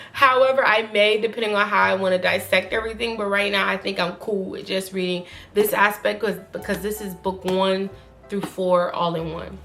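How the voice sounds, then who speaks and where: A woman giving casual, opinionated commentary to her viewers, animated and emphatic. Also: mid-range voice. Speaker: YouTube commentator.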